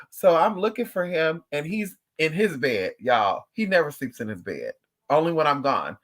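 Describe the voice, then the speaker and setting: Guy on a casual livestream, kinda high voice, swearing a lot and chatting to viewers like friends. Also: brisk. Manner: animated, profane storytelling with playful asides to viewers. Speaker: vlogger talking to viewers.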